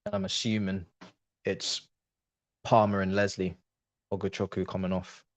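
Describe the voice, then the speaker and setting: A man's voice: low voice, level tone, normal speed, no room sound. A man hosting a live football watch-along, talking straight to his viewers as a passionate fan.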